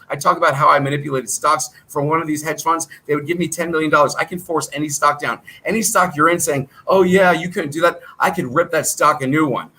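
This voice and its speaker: Emphatic, bright-voiced male trading host. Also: a little high, poor audio. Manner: emphatic, repetitive, rhetorical questions and answers. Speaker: stock trading channel host. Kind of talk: direct-to-camera trading talk.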